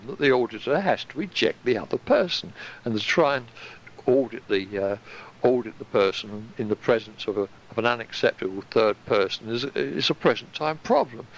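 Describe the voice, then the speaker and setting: Gravelly man telling an old story. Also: medium pitch, muffled recording. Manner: animated, swears casually, breaks into laughter. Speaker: storyteller recounting his past. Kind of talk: recorded personal reminiscence.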